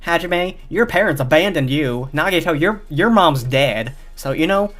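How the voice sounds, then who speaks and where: A man's voice: on the high side, expressive, moderate pace, a bit bright. Brief: male performer as a sleazy young cook, southern twang, frantic edge, faint music bed. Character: sleazy small-time young male chef.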